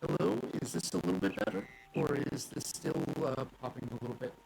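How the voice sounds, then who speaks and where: A man's voice: mid-range voice, a little fast, creaky, a little mellow, slight background noise, poor audio. A man presenting a developer segment, apologetically checking whether his mic sounds better. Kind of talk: live presentation with mic trouble.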